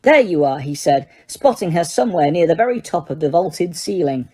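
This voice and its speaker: A woman narrating an audiobook in a steady reading voice, sometimes correcting a slipped word. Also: deep voice, normal speed, husky.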